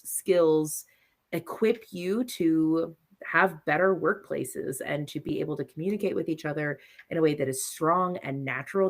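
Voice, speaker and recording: A man hosting a live podcast, talking in an upbeat, promotional way. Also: on the high side. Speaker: podcast host.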